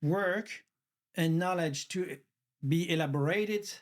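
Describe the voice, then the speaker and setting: A man's voice: high-pitched, slow. A middle-aged man from France with a French accent, talking animatedly as a guest in a casual podcast conversation, laughing easily and restarting his sentences. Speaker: guest, baker.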